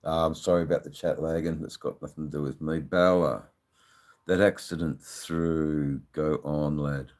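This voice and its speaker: A man's voice: extremely low pitch, fairly even intonation, moderate pace, darkish tone. An Australian man hosting a casual live stream, rambling and swearing freely as he chats with his viewers. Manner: rambling, swears freely, many "you know"s.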